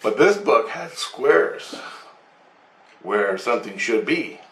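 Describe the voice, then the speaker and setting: A man's voice: medium pitch, lively intonation, slow. A man telling a story in a rambling, repetitive way, with swearing. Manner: rambling, repeats himself, swears. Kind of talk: casual storytelling to camera. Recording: roomy, distant from the mic.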